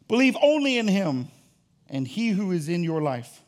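A male pastor preaching a fervent sermon, swinging from loud calls to hushed asides. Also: high voice, very animated, moderate pace.

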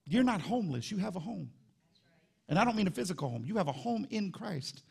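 A man preaching a sermon in a church, his voice pitched high and roughened by a gravelly fry. He swings between quiet, muttered asides and loud, rousing exhortation, leaning into the crowd one moment and confiding the next. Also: big pitch swings, fairly quick. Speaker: pastor.

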